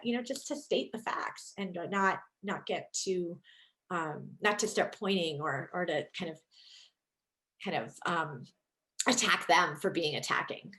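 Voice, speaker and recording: A woman's voice: on the low side, unhurried. A woman in her thirties, a leadership coach, giving an enthusiastic, chatty online presentation over a video call. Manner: lively, enthusiastic, chatty with many fillers.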